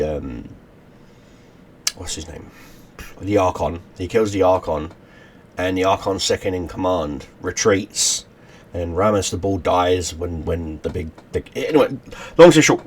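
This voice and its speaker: Rambling low-voiced man. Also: unhurried, slight background noise. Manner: rambling, many restarts and fillers. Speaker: channel host. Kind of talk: casual story recap to camera.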